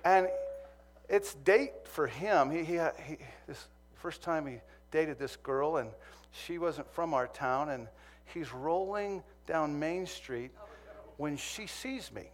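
A man's voice: on the high side, takes it slowly. A man from Montana preaching a sermon, telling a humorous personal story that turns earnest. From Montana, USA.

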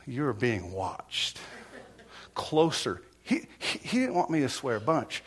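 A middle-aged male pastor delivering a sermon at a mid-range pitch. He tells his stories with repeated words and quick restarts. His delivery swings from soft, near-whispered asides to loud, fervent preaching. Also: wildly swooping pitch, slightly rough. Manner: storytelling with repetitions and restarts.

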